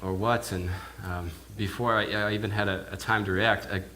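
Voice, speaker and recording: A man's voice: on the low side, fairly even intonation, normal speed, bright, forceful tone, slight background noise. A male minister preaching in character as an awed village pig herder, telling his story in the first person with hesitant, often repeated words. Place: church.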